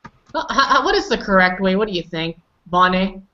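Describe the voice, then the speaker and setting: A woman's voice: mid-range voice, expressive, normal speed, bright, forceful tone, lo-fi sound. A woman teaching English pronunciation, patiently correcting students and calling on them by name. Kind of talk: online pronunciation lesson.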